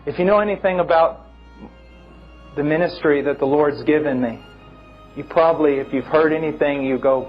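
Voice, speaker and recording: A man preaching a sermon with impassioned, emphatic delivery and big swings in pitch. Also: normal speed, long pauses, muffled recording, soft background music.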